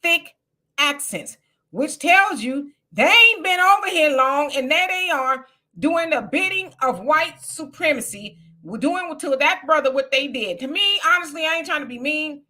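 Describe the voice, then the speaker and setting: A woman's voice: high-pitched, lively intonation, a little slow, sharp tone. A woman from California giving blunt, colloquial political commentary on a casual live stream.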